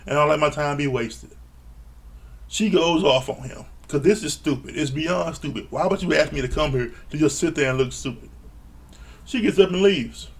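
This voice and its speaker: A man's voice: a little high, moderate pace, breathy edge. A man recapping a reality TV episode in a blunt, exasperated rant, swearing freely. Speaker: reality TV reviewer. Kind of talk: casual ranting recap.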